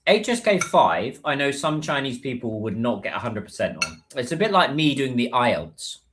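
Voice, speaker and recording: British male streamer, casual, talks to chat on his phone, mid-pitched voice. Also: big pitch swings, normal speed, a bit bright. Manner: chatty, reads out and answers viewer comments. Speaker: livestreamer.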